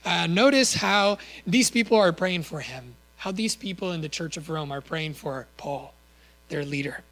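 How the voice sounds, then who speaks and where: Earnest male preacher, slightly high voice. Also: moderate pace, fairly bright tone, rough recording. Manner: earnest, with rhetorical questions and small self-corrections. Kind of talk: sermon.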